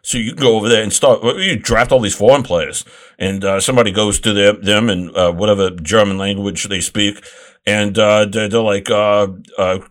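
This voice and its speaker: A man's voice: lowish voice, fairly even intonation. A man hosting a casual sports talk show, rambling and restarting his sentences. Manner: rambling, halting, many restarts. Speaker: host.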